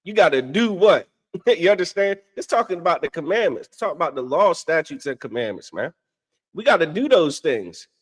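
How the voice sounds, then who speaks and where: Animated man preaching in casual talk. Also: fairly high pitch, brisk. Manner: animated, repeats "you understand?", swears casually. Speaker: religious podcast co-host.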